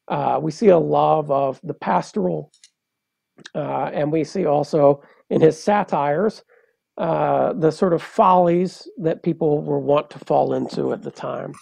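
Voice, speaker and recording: A man, a poet and translator, explaining in a measured, lecturing way on a podcast, with frequent hesitations. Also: a little high, gravelly, mellow, no echo.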